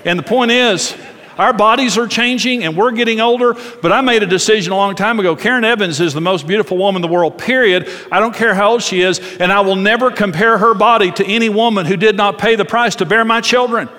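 Impassioned preacher in a reverberant hall. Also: male voice, high voice, quick pace, pushed and bright. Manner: impassioned and repetitive, with rhythmic emphatic phrasing. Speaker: pastor. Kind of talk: sermon. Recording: long reverb of a large hall.

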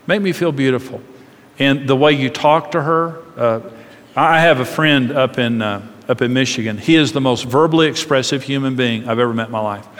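Animated man preaching in a reverberant hall. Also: mid-range voice, brisk. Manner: animated, acts out voices in his stories. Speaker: marriage speaker. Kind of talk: sermon-style marriage talk.

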